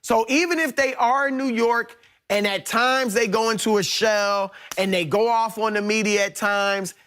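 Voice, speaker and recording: A middle-aged man, a sports debate panelist, laying out his case in a measured, explanatory way. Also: high-pitched, steady tone, a bit bright. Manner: measured, explanatory, with frequent restarts.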